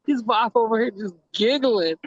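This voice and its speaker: A man's voice: very high-pitched, normal speed, no room sound, lo-fi sound. A man from Texas, chatting casually on a livestream and telling stories full of swearing and laughter. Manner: profane, laughing storyteller. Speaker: livestream co-host. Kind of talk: casual chat.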